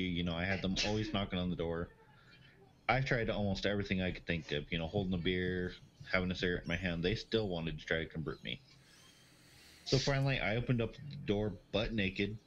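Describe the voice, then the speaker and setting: A man's voice: low-pitched, fairly bright tone, muffled recording, a little hiss or hum. A man joining a casual chat as a guest, telling stories in a laid-back way.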